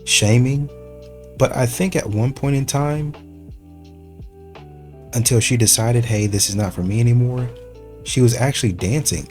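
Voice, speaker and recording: A man hosting a reaction channel, commenting on clips in a measured, argumentative way. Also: mid-range voice, a little mellow, soft background music.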